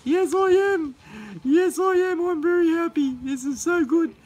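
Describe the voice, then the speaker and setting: A man doing a tiny skull mascot that chirps in a squeaky, childlike voice far above his own. It sounds giddy and delighted, with a light lilt. Faint music plays underneath. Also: measured pace, a little mellow. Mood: gleeful. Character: cheerful little male skull mascot.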